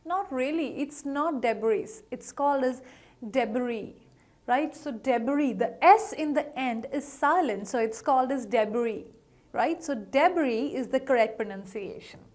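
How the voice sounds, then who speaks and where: High-voiced woman teaching pronunciation. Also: a little mellow. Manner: upbeat, asks the viewer questions and repeats each word slowly. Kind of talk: online pronunciation lesson.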